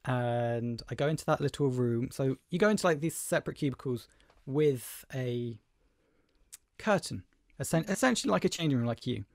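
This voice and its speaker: A young man co-hosting a casual podcast, jokey, with quick interjections. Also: medium pitch, animated, creaky, no room sound, studio quality. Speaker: podcast co-host. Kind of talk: casual chat.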